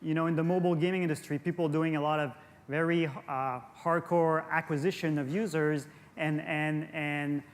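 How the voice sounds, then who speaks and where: A fairly high-voiced man with a French Canadian accent presents at an industry conference. He stumbles, restarts and repeats words as he goes. His voice rings with the long reverb of a large hall. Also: steady tone, normal speed. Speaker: conference speaker.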